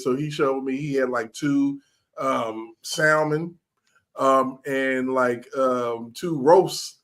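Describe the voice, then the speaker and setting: A man's voice: mid-range voice, slow pace. Male podcast host, casual and profane, acts out the people in his stories. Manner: animated storyteller, acts out quotes, swears freely. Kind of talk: casual chat.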